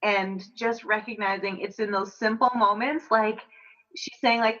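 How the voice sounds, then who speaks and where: A woman's voice: medium pitch, steady tone, a little slow, a bit bright. Affirming woman podcast host, dull audio. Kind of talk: casual interview chat.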